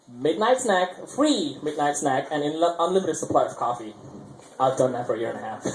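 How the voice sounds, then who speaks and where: Young man, fairly high voice, rambling open-mic comic who laughs at his own lines, recorded in an echoing small venue. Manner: rambling, self-correcting, chuckling at his own jokes. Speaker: stand-up comedian. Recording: roomy live venue sound.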